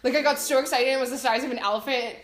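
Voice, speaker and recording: Canadian girl vlogging, giggly and chatty, kinda high voice, echoey. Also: very fast. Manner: chatty, giggly, self-deprecating. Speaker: vlogger answering viewer questions. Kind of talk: casual chat. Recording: echoey room.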